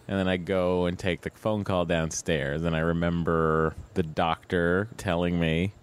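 A man's voice: low voice, unhurried, clear, resonant tone. A man telling a comic story in a self-mocking way, from his own podcast. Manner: self-mocking, deadpan humor. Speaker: podcast co-host.

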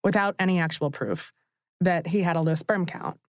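A woman hosting a podcast who narrates in a chatty, conversational way and talks directly to her listeners. Her voice sits a little low for a woman and the recording is close and dry, with no room sound. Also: moderate pace, dry recording. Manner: chatty, speaks straight to listeners. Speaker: podcast host.

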